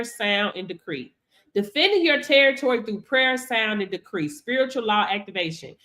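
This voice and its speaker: A woman, teaching faith on a livestream in an animated, preachy way and talking straight to her viewers. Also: on the high side.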